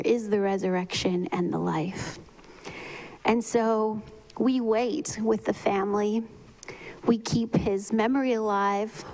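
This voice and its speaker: A woman preaching a memorial sermon in a slow, measured way, often dropping to a whisper. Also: medium pitch, darkish tone, rough recording. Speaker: pastor giving a eulogy.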